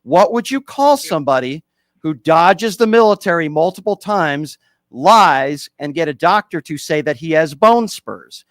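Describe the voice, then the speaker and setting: A man hosting a call-in talk radio show, his voice sitting slightly high for a man and recorded very dry and close on a studio mic. He presses his callers hard, repeating his questions until he gets an answer. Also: lively intonation, a little slow, a bit bright, no echo.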